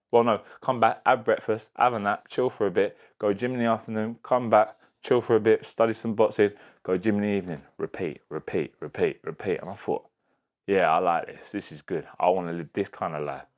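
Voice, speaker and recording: A young man with a very deep, low-pitched voice talks casually about his boxing life. He rambles in slang, swears freely and trails off mid-thought. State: emotional, near tears. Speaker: professional boxer, podcast guest. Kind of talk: casual chat.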